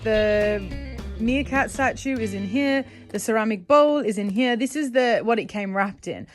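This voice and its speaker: A woman's voice: a little high, unhurried, faint music behind. A woman chatting casually to her phone camera at home, rambling and correcting herself as she goes. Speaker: vlogger. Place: at home, indoors.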